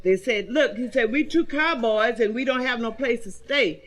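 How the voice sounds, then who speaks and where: This bawdy comedienne, heard on a 1970s album, stretches out her tales in a slow drawl and breaks into squeals to voice her characters. She speaks at a normal speed in a voice on the higher side.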